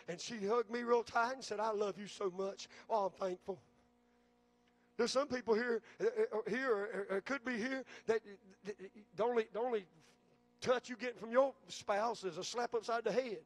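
A man preaching a sermon as pastor, calling out to the congregation and building to shouts. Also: high-pitched, steady tone, normal speed.

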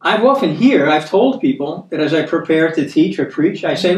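A man with an American accent giving a conversational sermon, earnest, repeating words for emphasis and reading scripture slowly. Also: a little high, animated, a little mellow. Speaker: preacher. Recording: echoey room, mic at a distance.

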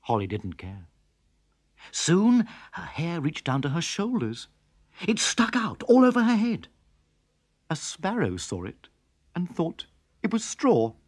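A storyteller reading a children's story aloud in a dramatic, expressive way. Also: slow, pauses often, breathy edge, dry recording, clean studio sound. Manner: very expressive, dramatic swings in pitch. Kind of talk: scripted children's story narration.

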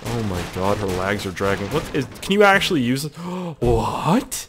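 Excitable, crude-talking game commentator. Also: male voice, lowish voice, moderate pace, faint music behind. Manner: excitable, crude, swearing a lot, joking to himself. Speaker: gaming video host. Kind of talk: let's play commentary.

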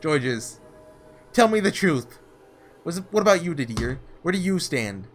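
A man's voice: a little high, very animated, a little slow, slight background noise. A man reading a visual novel aloud, voicing a tormented young man who cries out in raw, desperate anguish.

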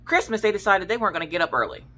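Woman, 30s, casual storyteller, slangy, lively swooping pitch, bright forward tone. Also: rapid-fire. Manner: animated, slangy, acts out family members' lines. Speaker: craft channel host.

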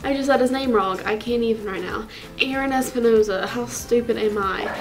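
A young woman acting out a clueless teenage fangirl who rambles breathlessly about her crushes, gasping and gushing at every turn. Her voice sits a little high, and faint music plays underneath. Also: fairly quick, close to an everyday voice, rough recording. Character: gushing, clueless teenage girl fake fan. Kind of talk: comedy sketch character.

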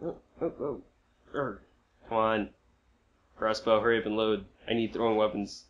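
A man commentating while he plays a video game, reacting with frequent excited outbursts and exclamations. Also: on the low side, normal speed, dull audio. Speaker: gamer. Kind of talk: gameplay commentary.

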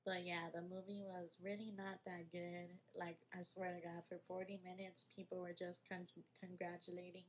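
A woman's voice: lowish voice, level tone, moderate pace, hardly any pauses, a little hiss or hum. A young woman rambling through an unscripted film review vlog, stopping to correct herself and laughing often. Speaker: vlogger. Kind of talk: unscripted casual commentary.

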